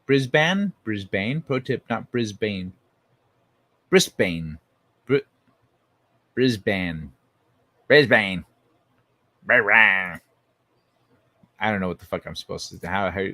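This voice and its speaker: Slow-talking, laid-back male streamer. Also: fairly low pitch, expressive, pushed and bright, no echo. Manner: playful, profane, laughs often. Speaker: livestream host. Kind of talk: casual chat.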